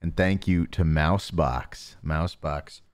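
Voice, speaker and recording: A man hosting a live stream, chatting casually with viewers and talking softly close to the mic to save his voice. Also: rumbling low, fairly even intonation, a little slow. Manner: joking, reads chat names aloud. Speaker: livestream host.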